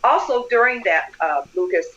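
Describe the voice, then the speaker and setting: A woman's voice: medium pitch, moderate pace, muffled recording, a crowd in the background. An older woman, a community leader, telling stories in an interview and acting out the dialogue. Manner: animated storyteller, acts out quoted dialogue. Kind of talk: storytelling interview.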